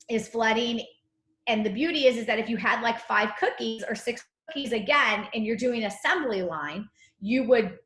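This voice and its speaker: A woman's voice: on the high side, fairly bright tone. A woman teaching a live online cookie decorating class, chatty and bubbly, with a slight cough. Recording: echoey room.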